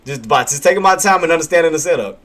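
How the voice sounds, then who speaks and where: A man with a fairly bright voice on the high side talks rapid-fire and expressively while hosting a live day-trading stream. Walking viewers through price levels as market commentary, he repeats himself, asks and answers his own questions, and marks his calls with "bam" and a chuckle.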